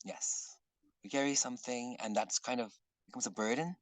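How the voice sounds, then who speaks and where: A man leading an online workshop in casual talk, earnest and rambling, often clearing his throat. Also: mid-range voice, normal speed, no room sound, poor audio. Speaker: workshop facilitator. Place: online video call.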